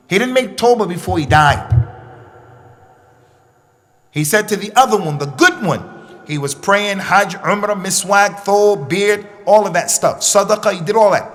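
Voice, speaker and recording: A man teaching a religious workshop for young people, animated and repeating phrases for emphasis, with Arabic recitation mixed in. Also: high voice, normal speed. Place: mosque.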